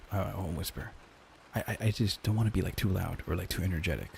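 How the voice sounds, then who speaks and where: A man's voice: low-pitched, quick pace, gravelly, a little mellow, a little hiss or hum. A man chatting casually and hesitantly in an ASMR stream, with many restarts.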